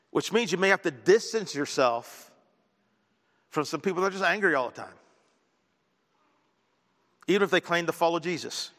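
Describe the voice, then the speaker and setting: Bright-voiced pastor preaching in a hall. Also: male voice, a little high. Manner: conversational, joking asides. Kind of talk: sermon.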